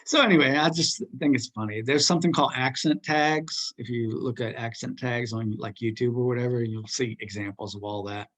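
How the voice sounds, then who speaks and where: A male teacher talks casually in class, rambling from point to point with plenty of ums and uhs. He keeps things light and joking, at a medium pitch for a man. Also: fairly quick, hardly any pauses, a bit bright. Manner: rambling, joking, full of fillers.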